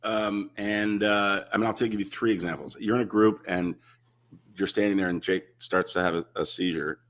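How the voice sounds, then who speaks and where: A man, a guest on a talk show, chatting casually and telling lively anecdotes over a video call. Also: fairly low pitch, normal speed. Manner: animated storyteller, acts out other people's lines.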